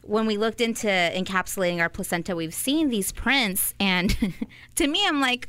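A woman's voice: mid-range voice, animated, normal speed, fairly bright tone, smooth, dry recording. A woman in her thirties co-hosting a podcast, chatty and openly emotional. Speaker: podcast co-host. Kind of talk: casual chat.

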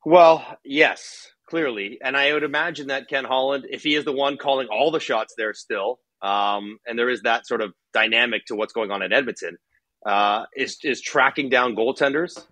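Bright-voiced former player talking hockey. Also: male voice, mid-range voice, normal speed, no room sound. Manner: candid, conversational, thinks aloud with fillers. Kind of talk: casual sports podcast chat.

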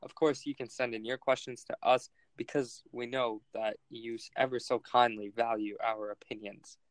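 A mid-voiced man hosts a casual sports podcast with a joking, animated delivery. His voice is dry and close, with no room sound at all. He teases and riffs easily as he reads out fan questions. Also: mid-range voice, normal speed, no room sound, rough recording. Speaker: podcast host.

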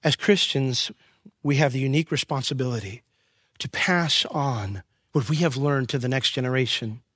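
A middle-aged pastor preaching a sermon in an earnest way, building to impassioned peaks. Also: male voice, medium pitch, normal speed, fairly bright tone, no room sound, clean studio sound.

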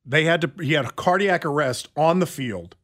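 Middle aged guy cohosting a talk show, kinda high voice, stumbles and restarts a lot. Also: normal speed. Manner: stammering restarts, animated storytelling. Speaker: radio show co-host. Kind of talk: casual chat.

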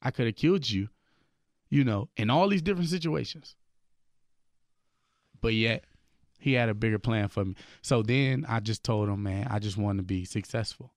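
A man's voice: lowish voice, moderate pace, no echo. Earnest man telling his testimony, dry studio sound. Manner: earnest storytelling, acts out voices in his story. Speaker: guest, gospel hip-hop artist. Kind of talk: radio interview, personal testimony. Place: radio studio.

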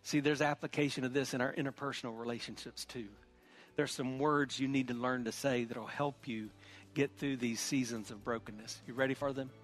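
A man's voice: medium pitch, fairly even intonation, fairly quick. A middle-aged male pastor preaching a sermon in an earnest, emphatic way, often repeating words.

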